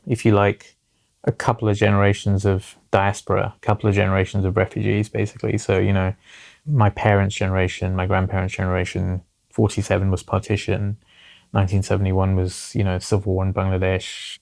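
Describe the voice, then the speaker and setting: A man's voice: lowish voice, little pitch movement, a little fast, creaky, darkish tone. A man in his forties, a guest in an interview, talking earnestly and reflectively and often adding "basically" and "you know".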